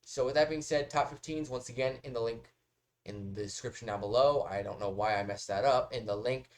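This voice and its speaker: Male reaction host, chatty and rambling, casual swearing, medium pitch. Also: brisk.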